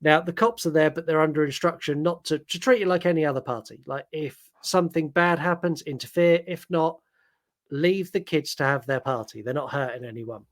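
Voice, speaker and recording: A man's voice: a little high, fairly quick. A man co-hosting a podcast, chatting casually and rambling through a film recap with many "like"s and "um"s. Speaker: podcast co-host.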